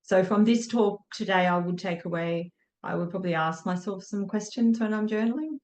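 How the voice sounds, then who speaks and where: A woman's voice: mid-range voice, moderate pace, darkish tone. A woman guest on a podcast, talking thoughtfully and searching for her words. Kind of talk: reflective casual conversation. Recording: roomy echo.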